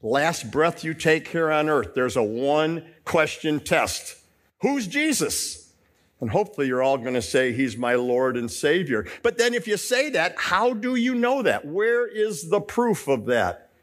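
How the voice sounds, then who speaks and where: A man's voice: a little high, sing-song, measured pace. A man pastor preaching a Lenten sermon, asking the congregation rhetorical questions.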